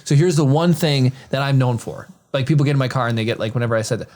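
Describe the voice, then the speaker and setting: A man in his thirties co-hosting a casual podcast, telling stories in a rambling, animated way with many restarts. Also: mid-range voice, quick pace. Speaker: podcast co-host. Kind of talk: casual chat.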